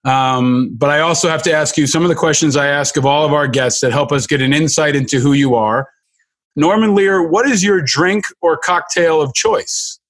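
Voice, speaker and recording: Male podcast host, a touch high, effusive and halting, lots of restarts. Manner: gushing, halting with many restarts. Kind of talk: effusive interview hosting.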